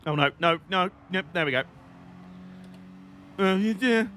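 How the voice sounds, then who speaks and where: A man's voice: fairly high pitch, fast, bright, forceful tone, slight background noise. A young man giving rambling, jokey live commentary while playing a racing game on stream. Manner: jokey, rambling, chatty banter.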